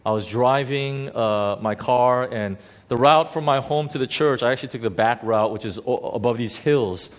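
A middle-aged male pastor preaching a sermon, halting with many fillers and dropping soft and slow at heartfelt moments. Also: mid-range voice.

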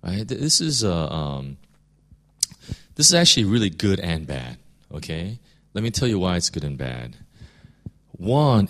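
A man with a somewhat low voice preaches in a relaxed, conversational manner. He stumbles over words and restarts often. He keeps turning to the listeners with rhetorical questions. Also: unhurried, pauses often. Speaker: pastor. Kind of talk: casual sermon teaching.

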